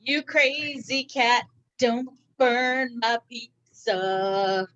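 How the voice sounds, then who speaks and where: A woman's voice: fairly high pitch, fairly even intonation, very slow, a bit bright, dull audio. A woman playing a teasing, bossy lounge manager in an online improv comedy scene.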